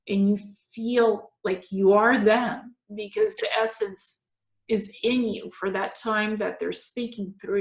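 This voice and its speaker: A woman hosts an interview, speaking slowly and evenly at a mid pitch. Her voice carries a noticeable echo from the room she is in. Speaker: interview host. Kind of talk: interview conversation. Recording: echoey room.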